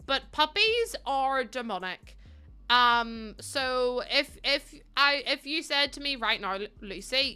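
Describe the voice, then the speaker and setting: A woman's voice: fairly high pitch, pushed and bright, smooth. A young woman from the UK or Ireland chatting casually with livestream viewers in a rambling, exasperated way, with frequent ums.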